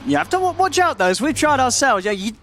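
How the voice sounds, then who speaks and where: A man casting an esports match, playful and teasing, excitable about the game. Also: very high-pitched, fast, a little hiss or hum. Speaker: esports caster. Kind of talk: esports commentary.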